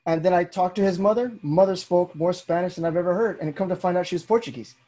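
A young man with a high voice talks quickly over the noise of a crowd. He's hosting a podcast in a casual, conversational way, telling stories with lots of energy and acting out the voices of the people he quotes.

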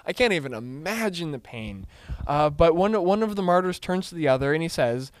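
A man's voice: on the high side, animated, fairly quick, dry recording. Chatty man leading a group discussion. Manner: many fillers, asks the group questions. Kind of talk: casual book discussion, teaching.

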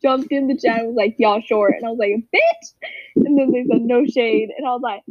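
A woman's voice: fairly high pitch, fast, no room sound. A teenage girl casually telling a story to friends on a call, acting out quotes with lots of energy. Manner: animated, acts out quotes, frequent laughs. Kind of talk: casual group chat storytelling. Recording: dull, dry lo-fi call audio.

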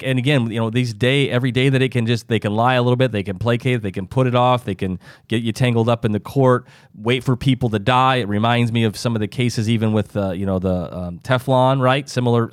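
A man's voice: mid-range voice, fairly even intonation, a little fast, hardly any pauses, no echo, clean studio sound. A man hosting an interview, asking long, hedging, rambling questions in a casual way. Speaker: podcast host.

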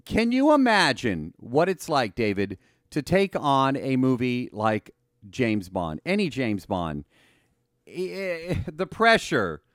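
A man hosting a podcast in casual chat, excitable, chatty and playful. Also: medium pitch, takes it slowly, dry recording, clean studio sound. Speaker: podcast host.

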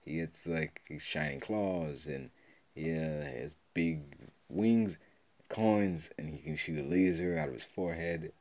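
A man hosting a solo podcast, rambling and swearing as he excitedly retells old video game memories. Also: rumbling low, measured pace, vocal fry. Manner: rambling, profane, excited storytelling. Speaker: podcast host. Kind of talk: casual solo podcast talk.

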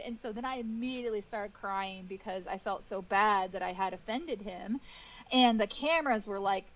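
A woman, a cake decorator, telling stories on a podcast in a casual, animated way, laughing often and acting out what people said. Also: medium pitch, moderate pace, lo-fi sound, a little hiss or hum.

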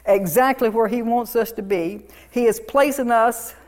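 A woman's voice: a little high, normal speed, a little mellow. A woman pastor preaching a sermon, fervent and declarative, repeating commands and affirmations with restarts.

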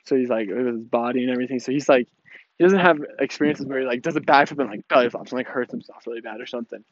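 A man's voice: medium pitch, rapid-fire. A man in his early twenties talking casually in a vlog, rambling with lots of fillers and restarts. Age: 20s. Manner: rambling, many fillers and restarts, laughs often. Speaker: vlogger. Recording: dull lo-fi dry sound.

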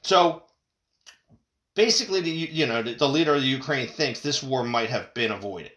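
A man giving a heated, profane solo commentary, jumping between loud bursts and low mutters. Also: lively intonation, moderate pace.

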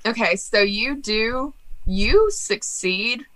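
A woman leads a tabletop game as game master, describing the scene with lively energy. Her voice has a bright, forward tone, and she talks casually, laughing and swearing now and then. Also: fairly high pitch, slow pace, low-quality recording.

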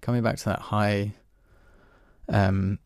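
A man's voice: lowish voice, level tone, slow, creaky, darkish tone, smooth, no echo, clean studio sound. A man talking in a casual, reflective monologue, candid and self-deprecating, swearing now and then and laughing at himself.

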